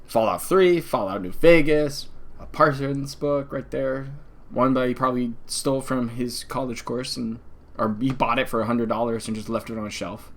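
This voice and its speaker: A man's voice: mid-range voice, normal speed. A man hosting a livestream, giving sarcastic, mocking commentary on a video and mimicking the person in it. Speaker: livestream host.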